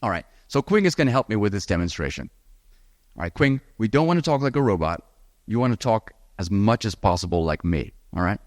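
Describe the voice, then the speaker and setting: A man teaching a live seminar on the speaking exam, lively and encouraging, talking straight to his audience. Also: on the low side, fairly quick, dry recording, clean studio sound. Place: event hall with audience.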